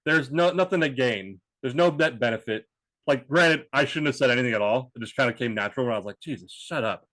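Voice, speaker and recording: A man's voice: medium pitch, quick pace, a bit bright, no room sound. A man co-hosting a podcast, telling a story in a rambling, casual way with restarts and swearing. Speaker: podcast co-host. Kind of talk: casual chat.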